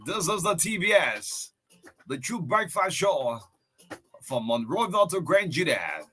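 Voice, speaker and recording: A man's voice: on the high side, very animated, measured pace, bright, forceful tone, husky, faint music behind. A man with a Liberian English accent hosting a breakfast radio show, chatting loosely and reading out listener greetings. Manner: chatty, storytelling, loose with fillers and laughs. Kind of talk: casual radio talk, reading listener shout-outs.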